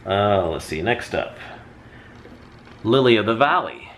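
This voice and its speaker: Low-voiced man chatting about candles. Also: sing-song, measured pace, creaky, a bit bright, a little hiss or hum. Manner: chatty, rambling, with self-corrections. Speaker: candle haul vlogger. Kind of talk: casual product review.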